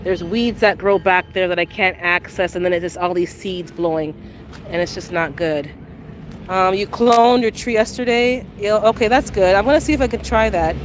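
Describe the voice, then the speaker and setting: A woman's voice: mid-range voice, normal speed, a little hiss or hum. A woman chatting casually on a live stream while she walks around her backyard garden, answering viewer comments. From Canada. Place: outdoor backyard garden near a rail line.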